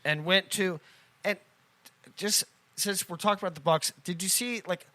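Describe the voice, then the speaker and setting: A man's voice: sits high, moderate pace, sharp tone. A man co-hosting a podcast in casual chat, talking in a crude, joking and provocative way. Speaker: podcast co-host.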